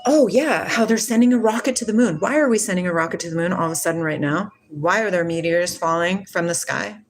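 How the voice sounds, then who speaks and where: A woman runs a casual spiritual livestream from her home, drifting from one topic to the next and reading viewer comments out loud. She talks quickly, and her pitch leaps around as she gets worked up.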